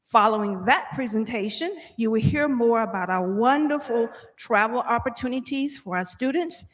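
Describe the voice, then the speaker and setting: A woman's voice: a little high, animated, normal speed. Formal woman presenting in an echoey hall. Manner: orderly, formal, announcing. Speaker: school district administrator. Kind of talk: presentation at a board meeting. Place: large boardroom. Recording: boardroom with long reverb.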